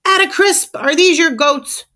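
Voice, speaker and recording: An enraged next-door neighbor in a children's storybook, shouting in a strained, high, loud voice, as a woman reading aloud puts him on. He sputters with anger and barks out every line. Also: measured pace, heavily acted. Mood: angry. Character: furious red-faced male neighbor.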